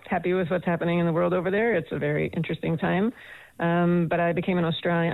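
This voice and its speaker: Woman, american accent, middle-aged, gravelly, flat delivery, tinny phone line. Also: sits low, no echo. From United States (Boston). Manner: chatty, laughs often. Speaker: guest, management professor. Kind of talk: radio interview. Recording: thin phone-line sound.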